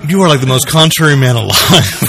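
Energetic male podcast host, bright edge, middle pitch, moves the chat along. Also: vocal fry. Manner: quick, enthusiastic, steers the talk. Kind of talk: casual chat.

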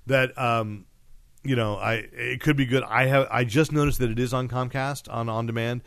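A man co-hosting a podcast, chatting casually about TV shows in a rambling, animated way with lots of fillers and restarts. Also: mid-range voice, normal speed, vocal fry, dry recording, studio quality. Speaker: podcast co-host.

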